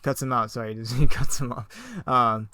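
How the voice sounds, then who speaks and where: A man's voice: medium pitch, fairly even intonation, normal speed, bright, forceful tone, clear, resonant tone, dry recording. A young man reading his own old comic script aloud, mocking it and laughing at his writing. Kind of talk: comedic script reading with commentary.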